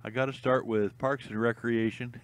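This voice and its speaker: Casual rambling man, slightly low voice. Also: a little slow, a little hiss or hum. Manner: relaxed and rambling, many ums and uhs, laughs often. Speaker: vlogger. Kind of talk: casual chat to camera.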